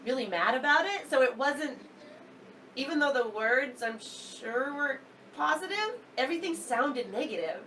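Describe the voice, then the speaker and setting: A woman's voice: high-pitched, expressive, moderate pace, a bit bright. A woman with a slightly raised voice co-hosts a casual podcast, recounting stories with dry humor. She sounds a bit distant from the mic, over a faint background hiss. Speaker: podcast co-host. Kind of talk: casual chat.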